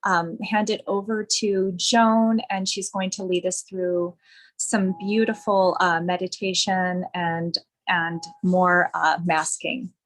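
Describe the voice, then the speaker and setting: A woman esthetician giving a slow, gushing skincare demonstration at home. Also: lowish voice, flat delivery, poor audio.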